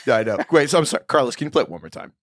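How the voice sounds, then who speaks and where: A man in casual podcast banter, riffing and joking with his co-hosts. His voice sits at a middle pitch. The sound is close and dry, with no room around it. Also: sing-song, racing, dry recording. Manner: jokey, riffing, frequent restarts. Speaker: podcast co-host. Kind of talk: casual sports podcast chat.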